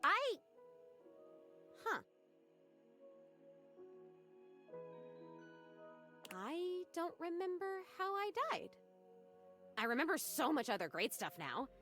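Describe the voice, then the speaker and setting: A sweet, trusting young ghost girl for a video game gushes in a high, bright voice that swoops up and down. She sounds breathless with wonder. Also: big pitch swings, a little slow, long pauses, soft background music, exaggerated voice.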